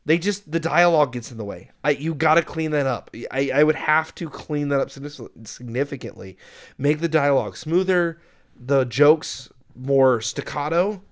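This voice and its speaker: Guy cohosting a movie podcast, kinda high voice, animated, jumps into bits from scenes. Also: moderate pace. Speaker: podcast co-host reviewing films. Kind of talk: casual film review chat.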